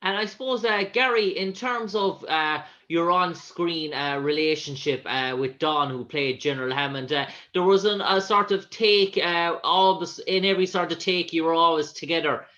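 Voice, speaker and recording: Man, interview host, bright tone, hesitant, rambling, muffled lo-fi sound. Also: a little high. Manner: halting, rambling questions. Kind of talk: casual interview. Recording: dull lo-fi audio.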